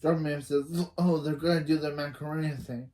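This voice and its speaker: A reaction channel host with a warm, higher-than-average voice, fairly even intonation and a moderate pace rambles through a movie scene by scene. He recites each character's lines after "he says" and often corrects himself mid-sentence.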